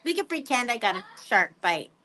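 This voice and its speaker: A woman with a fairly high voice chats to her pet birds and her viewers. Her talk is playful and rambling, full of casual asides. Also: sing-song, brisk, bright, forceful tone. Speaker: pet bird vlogger.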